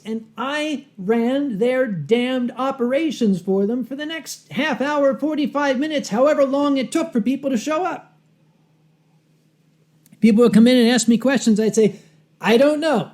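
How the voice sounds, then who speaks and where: A man telling a humorous story live, dry and wry, with dramatic pauses, acting out his own rehearsed lines and clearing his throat often. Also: extremely high pitch, a little mellow. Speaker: convention storyteller.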